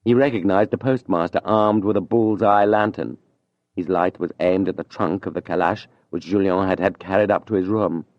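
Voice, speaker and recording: A man narrates an audiobook in a measured, even way, with a somewhat low voice. The sound is dry and dull, as on a lo-fi recording. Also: no echo.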